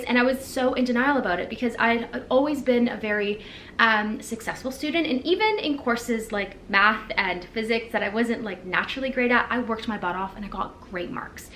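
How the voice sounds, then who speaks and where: Her voice is fairly high, pushed, and bright. This twenty-something vlogger chats casually and candidly to the camera, reflecting aloud with lots of fillers, in a recording that's echoey with faint background noise.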